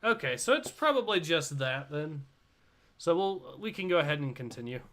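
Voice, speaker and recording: Casting: male host-narrator, slightly high voice, plain read-aloud pacing. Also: big pitch swings, normal speed, a bit bright. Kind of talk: reading a novel aloud on a livestream. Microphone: online voice call.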